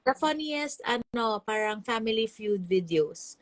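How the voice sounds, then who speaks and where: Bubbly Filipino woman host, fairly high. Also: lively intonation, a little slow, no room sound. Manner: bubbly, chatty, laughs often, mixes languages. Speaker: host and life coach. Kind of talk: casual live chat, reading viewer comments.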